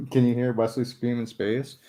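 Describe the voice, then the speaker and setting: A man's voice: mid-range voice, little pitch movement, measured pace, warm tone. A young man chatting casually with viewers while he builds a model, joking at his own expense, swearing freely and laughing often. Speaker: livestreamer building a model ship. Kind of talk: casual late-night chat with viewers.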